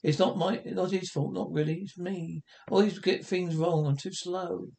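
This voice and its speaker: A man's voice: high voice, fairly even intonation, moderate pace, gravelly, darkish tone. A man reading the part of a timid, downtrodden housewife in an amateur script reading, hesitant and apologetic. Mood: ashamed.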